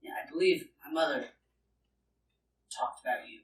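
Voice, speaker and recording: A man playing a tabletop game in character, speaking softly and politely. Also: a little high, normal speed, slight background noise. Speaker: player. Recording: roomy, distant mic.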